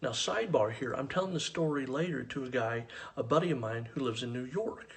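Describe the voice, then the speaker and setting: A middle-aged man from the rural United States telling a comic story, with a drawling, deadpan delivery. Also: medium pitch, fairly quick, creaky. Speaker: stand-up comedian.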